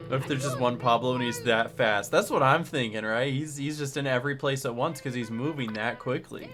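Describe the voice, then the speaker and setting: A woman commenting on gameplay and narrating a video, excitable and joking, shouting when surprised. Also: deep voice, normal speed, over music. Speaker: video essayist and gamer.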